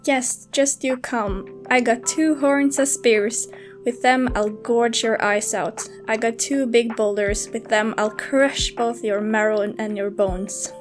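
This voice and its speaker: Woman voicing a big fearless billy goat in a storybook, defiant, threatening, fairly high voice. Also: fairly even intonation, slow pace, soft background music.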